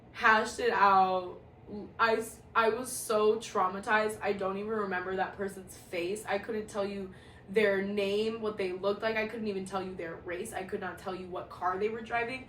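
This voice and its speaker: A woman's voice: medium pitch, moderate pace. Brief: young woman, storytime vlogger, swears freely and laughs a lot, roomy echo, mic a few feet off, faint hiss. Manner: profane, animated, laughing often. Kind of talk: casual storytime monologue. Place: at home, indoor room. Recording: echoey room, distant mic, faint hiss.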